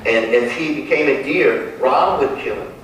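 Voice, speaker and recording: A man's voice: medium pitch, measured pace, a bit bright, slight background noise. A man telling stories from memory as a devotee speaker, acting out the quoted lines and chuckling now and then. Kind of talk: reminiscing talk. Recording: echoey room, distant mic.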